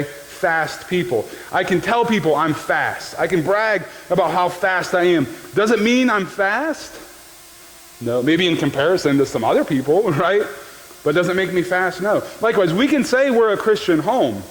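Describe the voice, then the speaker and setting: Joking pastor in a reverberant hall. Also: male voice, fairly high pitch. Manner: conversational and joking, often checks in with "right?". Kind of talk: sermon. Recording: long hall reverb with faint background noise.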